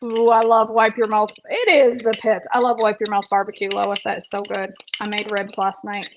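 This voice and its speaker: A woman's voice: medium pitch, flat delivery, moderate pace, noisy background. A woman health coach chatting playfully while she eats on a casual livestream, with self-deprecating jokes. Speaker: health coach and vlog host.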